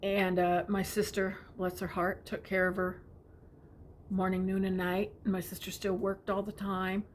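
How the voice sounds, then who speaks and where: Soft-spoken woman telling a tender story. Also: mid-range voice, flat delivery, a little slow, slight background noise. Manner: tender, often drops to a whisper. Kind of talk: personal storytelling.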